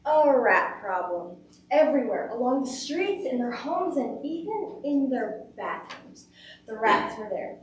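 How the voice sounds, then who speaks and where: A woman telling a folk tale on stage in a lively, dramatic way. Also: high-pitched, measured pace, slight background noise. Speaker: storyteller. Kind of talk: oral storytelling performance. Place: performance venue. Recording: echoey room from far off.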